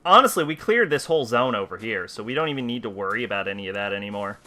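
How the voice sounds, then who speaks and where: A man's voice: lowish voice, expressive, quick pace, sharp tone. A man streaming a video game, commenting casually and grumbling with lots of swearing. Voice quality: profane, grumbling.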